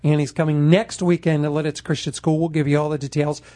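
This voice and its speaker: A man's voice: a little high, little pitch movement, quick pace, warm tone. A man hosting a morning show, interviewing guests in a friendly chat with upbeat, encouraging questions.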